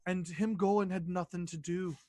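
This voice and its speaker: A man voicing a composed queen who speaks in formal, measured sentences. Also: sits high, fairly even intonation, darkish tone, no room sound, close to an everyday voice. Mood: solemn. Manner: measured, stately speech.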